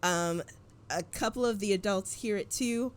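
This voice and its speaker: A woman narrating a tabletop game as game master in a relaxed, hesitant way with many fillers. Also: medium pitch, moderate pace.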